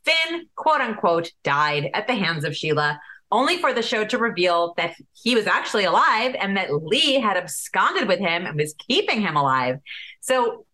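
A woman's voice: mid-range voice, very animated, normal speed, bright, forceful tone. A woman interviewer asking prepared questions, with occasional filler words.

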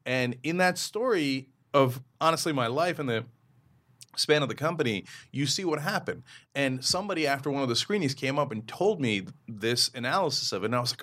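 Animated, emphatic man talking fast. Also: mid-range voice. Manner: emphatic, fast, breaks into mimicry and laughs. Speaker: interview guest, media founder. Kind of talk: animated podcast conversation.

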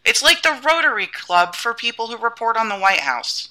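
A woman co-hosting a podcast in casual political chat, wry and dismissive, with quick asides. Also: fairly high pitch, very animated, sharp tone, poor audio. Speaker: podcast co-host.

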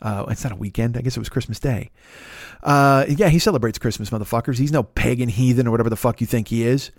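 A man hosting a podcast, doing a comedic ad read in a profane, rambling, animated riffing way. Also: medium pitch, fast talker, dry recording, studio quality. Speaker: podcast host reading an ad.

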